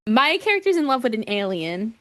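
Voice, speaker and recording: An excitable woman co-host who chats away with plenty of filler words. Her voice sits a little high, and the talk is loose and casual. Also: a little fast. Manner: chatty, excitable, frequent "like" fillers. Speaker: podcast co-host. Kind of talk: casual podcast chat.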